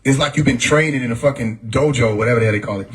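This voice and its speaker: Over a phone mic, a livestream host with a mid-range voice races along in a low-quality recording. He chats casually, swears freely, and keeps breaking into laughter in a relaxed way.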